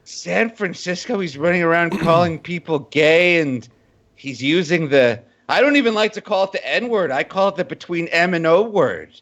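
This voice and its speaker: A podcast co-host making sarcastic, wry comments in casual commentary. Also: male voice, a little high, animated, moderate pace, a bit bright.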